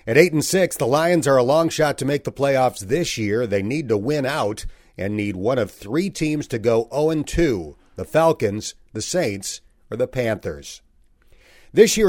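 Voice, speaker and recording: A male sports broadcaster in a mid-pitched voice, recorded dry and close. He reads his segment in a smooth, scripted delivery, full of figures and setup. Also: darkish tone, dry recording. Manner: polished scripted delivery with stats.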